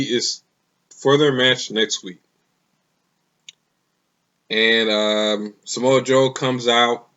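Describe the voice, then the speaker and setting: A man's voice: medium pitch, pushed and bright, lo-fi sound. A man casually reviewing a wrestling show, rambling and opinionated, with many fillers.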